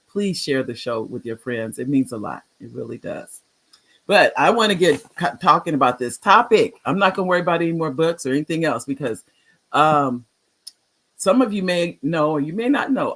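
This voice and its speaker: A talkative older man in his sixties hosts his own live online show, his voice sitting a little higher than most men's. He rambles warmly through announcements and shout-outs, often restarting sentences. His voice jumps up with excitement when he greets someone. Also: slightly rough. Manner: chatty and rambling, greets viewers by name with excited upswings. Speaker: talk show host. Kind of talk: livestream talk show chat.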